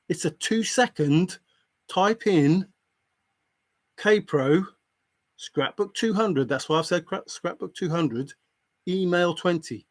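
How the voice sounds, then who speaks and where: A man on a live stream, talking to viewers in an exasperated, repetitive, lecturing way. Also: on the high side. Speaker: treasure hunt commentator. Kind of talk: heated live stream rant.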